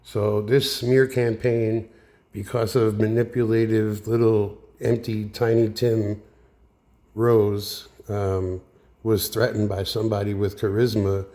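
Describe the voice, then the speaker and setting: A man's voice: on the low side, flat delivery, slow, mellow. A man in a heated, profane, rambling rant as he vlogs about radio troubles, with many fillers. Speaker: radio hobbyist vlogger. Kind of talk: angry ranting monologue. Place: recorded with a handheld radio nearby.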